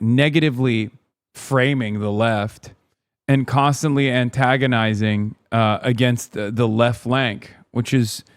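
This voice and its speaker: A man's voice: mid-range voice, dry recording, clean studio sound. Profane, ranting male streamer. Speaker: streamer reacting to a video. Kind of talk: casual livestream commentary.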